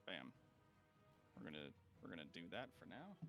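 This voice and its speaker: A man's voice: low voice, wildly swooping pitch, normal speed, creaky, over music. A man running a tabletop game as game master, narrating casually and playfully, laughing often and using lots of fillers.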